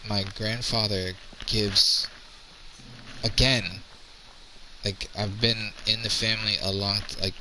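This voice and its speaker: A man's voice: on the low side, level tone, takes it slowly, pauses often, sharp tone, a little hiss or hum, rough recording. A man in his thirties telling a rambling, profane story in casual chat. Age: 30s.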